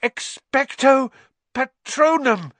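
A man voicing a desperate teenage boy wizard, shouting in a strained, urgent way. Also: very high-pitched, lively intonation, slow pace, no room sound, pitched above the performer's own voice, full character voice.

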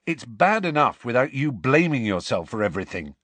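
A man reading aloud and voicing a hot-tempered, bitter teenage boy with a sharp, exasperated way of talking. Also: medium pitch, very animated, a little fast, no echo, voice pushed up. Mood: angry. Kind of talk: audiobook character reading.

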